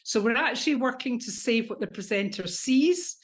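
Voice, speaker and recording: A woman with a British accent, a coach teaching presentation skills, animated and demonstrating voice exercises. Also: a little high, normal speed. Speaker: NLP coach and trainer.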